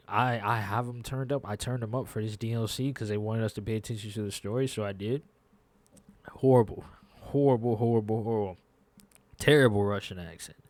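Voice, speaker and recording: A man rants casually to his viewers, exasperated, circling back to the same complaints in loose slang. His voice sits at an ordinary middle pitch. The sound is close and dry, with no room echo. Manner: exasperated, repetitive, slangy ranting. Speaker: gaming YouTuber. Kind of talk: casual gaming commentary rant.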